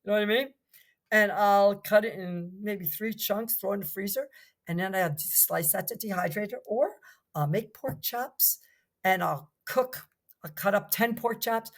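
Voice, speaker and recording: An older woman from New Jersey, a podcast guest chatting casually, enthusiastic and rambling, full of restarts. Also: medium pitch. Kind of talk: casual chat.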